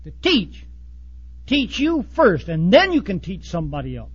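A man preaching a blunt, folksy sermon to ministers, swinging from loud outbursts to hushed asides. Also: high voice, wildly swooping pitch, unhurried, breathy edge, lo-fi sound. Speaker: pastor.

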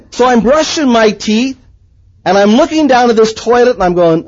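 A man preaching a sermon and telling his own story in a lively way, swinging from excited to hushed. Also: very high voice, fairly quick, lo-fi sound. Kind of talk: sermon with personal testimony.

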